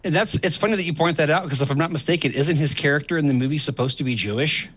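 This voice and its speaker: A man's voice: a little high, fast, fairly bright tone, husky. A middle-aged man hosting a casual comedy chat, rambling with fillers and laughing often. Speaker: host.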